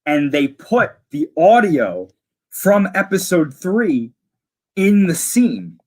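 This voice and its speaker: A man's voice: high-pitched, big pitch swings, takes it slowly, darkish tone. A man in casual conversation, eagerly retelling scenes from a series in detail. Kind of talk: casual chat.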